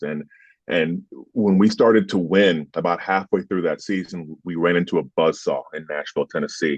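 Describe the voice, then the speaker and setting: A man's voice: low-pitched, dry recording. A man in his fifties, a former football player, telling stories in an interview, emphatic and heated as he recounts them, swearing now and then. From United States. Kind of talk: animated storytelling in conversation. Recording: dry, slightly dull sound.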